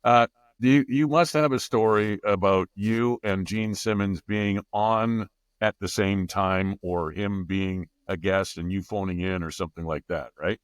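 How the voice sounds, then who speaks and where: Low voiced guy hosting a podcast, chatty questions, dry close sound. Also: fairly even intonation, unhurried, clean tone, no echo. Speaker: podcast host. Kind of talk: interview questions.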